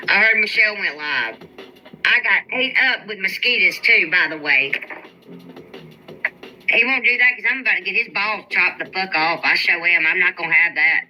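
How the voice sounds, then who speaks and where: A woman's voice: on the low side, highs cut off. A woman chatting casually on a livestream, answering viewers' comments and venting with a profane, exasperated drawl. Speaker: YouTube live streamer. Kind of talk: casual live-stream chat reading viewer comments.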